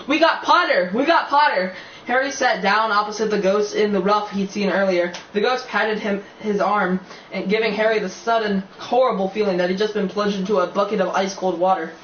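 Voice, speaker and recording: An amateur audiobook reader narrates a novel in a brisk, medium-pitched, fairly bright voice with fairly even intonation, slipping and restarting now and then and adding chatty asides. The recording is dull, roomy, and distant, with faint hiss.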